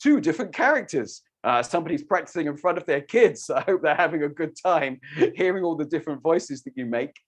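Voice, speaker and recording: An animated storytelling teacher running an online workshop, with a lively, swooping pitch. The voice sits in a middle register and keeps modelling sounds for the learners to copy. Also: a little fast.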